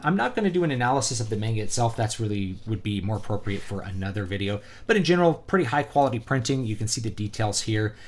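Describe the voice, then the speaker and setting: A man giving a casual, opinionated product review, talking conversationally with plenty of fillers. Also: medium pitch. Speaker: book reviewer and author.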